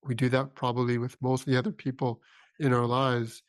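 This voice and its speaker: A man hosting a podcast interview, affirming his guest and asking halting, searching questions. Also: mid-range voice, level tone, dry recording, studio quality. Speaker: podcast host. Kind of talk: interview conversation.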